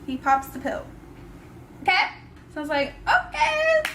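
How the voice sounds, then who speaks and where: High-voiced young woman telling a story. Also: little pitch movement, quick pace, slight background noise. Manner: slangy, talks straight to viewers. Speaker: vlogger. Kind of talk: casual storytime.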